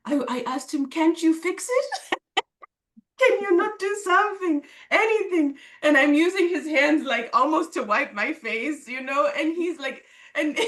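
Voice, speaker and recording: A woman's voice: sits high, a bit bright, far from the mic. Woman telling a story, slightly off-mic. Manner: emotional, laughing, many fillers and restarts. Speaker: interview guest. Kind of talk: personal storytelling.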